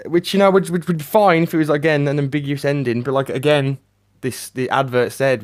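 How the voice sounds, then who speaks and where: A man giving a ranting, sardonic movie review, swearing a lot and swinging between flat mutters and loud outbursts. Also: mid-range voice, moderate pace, hardly any pauses.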